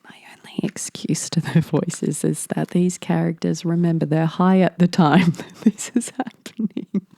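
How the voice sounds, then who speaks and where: A woman hosting a spooky story reading, with soft, self-mocking asides between passages. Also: on the low side, steady tone, moderate pace, creaky, few pauses, no room sound, clean studio sound. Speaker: reader and host.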